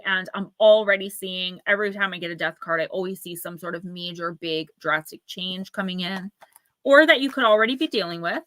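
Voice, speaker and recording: A woman's voice: medium pitch, bright, forceful tone, dry recording. A woman in her forties with a New Jersey accent, hosting a live tarot reading and chatting with viewers by name. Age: 40s. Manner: chatty, talks to viewers by name, quick asides. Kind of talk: live-stream intuitive reading.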